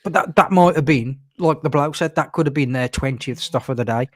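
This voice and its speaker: A man's voice: a little high, a little fast, dry recording. A man hosting a casual podcast chat, rambling with lots of fillers and acting out what others said. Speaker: podcast host.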